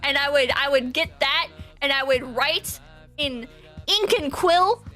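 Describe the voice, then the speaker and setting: Bright high-voiced woman streamer. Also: expressive, unhurried, soft background music. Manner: profane, rambling, jokey. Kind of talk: casual livestream commentary.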